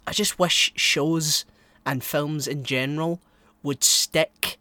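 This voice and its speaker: A man co-hosting a podcast, chatting casually and rambling, with loud outbursts between mumbled asides. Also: on the high side, fairly even intonation, slow, no echo. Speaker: podcast co-host.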